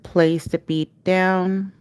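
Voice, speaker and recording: A woman's voice: on the low side, flat delivery, extremely slow, darkish tone, smooth, no echo. A woman teaching a live nail art class, giving patient step-by-step instructions and chanting repeated cue words as she works. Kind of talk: livestream tutorial.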